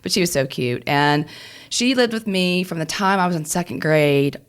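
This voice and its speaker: A woman lawyer co-hosting a podcast, telling an animated story with laughs and restarts. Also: on the low side, moderate pace, smooth. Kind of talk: casual storytelling chat.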